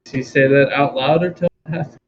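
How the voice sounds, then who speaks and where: A man's voice: mid-range voice, fairly even intonation, a little fast, slight background noise. Playful male player, dull lo-fi sound. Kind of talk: casual tabletop play.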